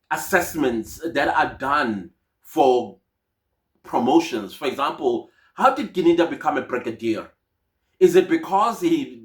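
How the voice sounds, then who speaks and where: South african guy ranting about a trial, kinda high voice, bit of room echo. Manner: indignant, outspoken, mixes in Zulu phrases. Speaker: commentator on a court case. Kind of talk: casual spoken commentary. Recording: echoey room.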